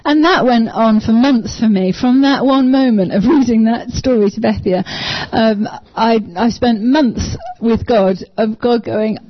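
A woman's voice: fairly high pitch, measured pace, hardly any pauses, dry recording. A woman, sharing a personal faith story in a small group, hesitant with many ums but enthusiastic. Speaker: church small group member. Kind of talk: casual personal testimony. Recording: dull lo-fi sound, dry.

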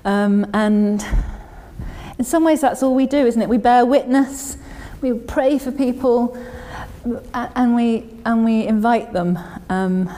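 A woman speaking to her church congregation in a relaxed, chatty way, full of fillers and restarts. Her voice is mellow and dark, and it rings with the long reverb of a church hall. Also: fairly high pitch. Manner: chatty, self-deprecating, many fillers and restarts. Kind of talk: informal sermon and scripture reading.

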